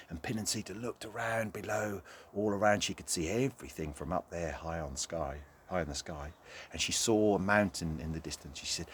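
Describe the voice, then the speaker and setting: A man telling a folk tale to children, animated and talking straight to the young listeners. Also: deep voice, moderate pace, a little hiss or hum. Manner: animated, talks directly to children. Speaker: storyteller. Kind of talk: children's story narration.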